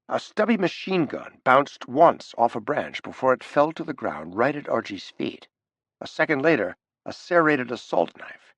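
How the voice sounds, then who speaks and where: A man narrating an audiobook thriller with an expressive, animated reading, on a close studio mic. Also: medium pitch, moderate pace, dry recording. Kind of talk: scripted narration.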